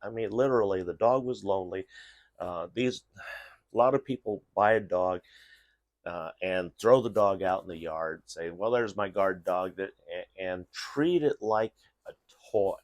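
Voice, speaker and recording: A middle-aged man with a notably deep, low voice tells a story in a loose, casual way. He restarts often and fills his pauses with "uh," sounding unscripted and conversational. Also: dry recording. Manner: rambling, many restarts and fillers. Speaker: vlogger giving dog safety tips.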